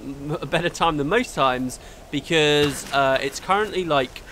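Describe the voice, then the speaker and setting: A young man talks through a video game from his home setup, his voice a touch high and very bright. He rambles in a chatty way and reacts quickly to what happens on screen. Faint background noise sits under his desktop mic. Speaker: let's play host. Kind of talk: gameplay commentary. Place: home room during a thunderstorm. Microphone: desktop mic recorded in Audacity.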